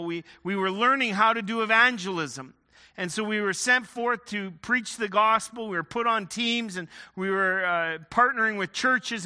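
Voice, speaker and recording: A man's voice: sits high, sharp tone, in a large hall. A man from Ontario, a pastor preaching a sermon, telling a personal story in a conversational way with frequent restarts. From Ontario, Canada.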